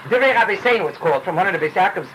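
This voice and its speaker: A man with leads an informal Torah class, rambling animatedly from one parable to the next. His fairly high voice swings widely in pitch as he rushes along. A faint hiss of background noise sits under the talk. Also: poor audio. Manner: animated, rambling, mixes in Yiddish phrases. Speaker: rabbi teaching a class.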